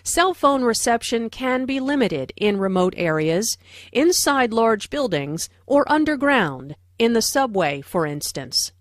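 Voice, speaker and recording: Woman, lesson narrator, slightly high voice, careful clear delivery. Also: very animated, no echo, studio quality. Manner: slow, clear teaching delivery. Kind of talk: scripted narration.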